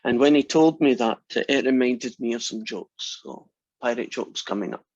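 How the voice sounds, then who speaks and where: Joking lecturer, husky and lo-fi. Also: male voice, mid-range voice, normal speed, darkish tone, no room sound. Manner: rambling, joking. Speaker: math lecturer. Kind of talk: casual online lecture.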